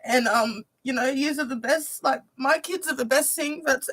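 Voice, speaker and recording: A woman's voice: sits high, moderate pace, hardly any pauses, a bit bright, husky, no echo. A young adult woman, a musician, talking earnestly to viewers on a livestream and filling her speech with "you know". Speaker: musician presenting her music video premiere. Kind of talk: heartfelt livestream talk.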